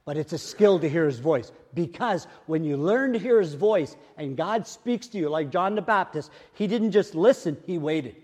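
An older man preaching a sermon as pastor, repeating phrases and swinging from hushed murmurs to loud exclamations. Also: fairly high pitch, animated, moderate pace, hardly any pauses, long reverb tail. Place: church.

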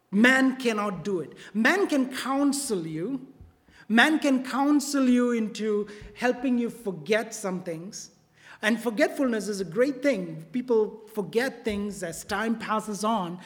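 A preacher giving a sermon in a church, repeating key phrases and often checking in with the congregation with a quick "right?" or "okay?". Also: medium pitch, lively intonation. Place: church sanctuary. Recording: long reverb of a large hall.

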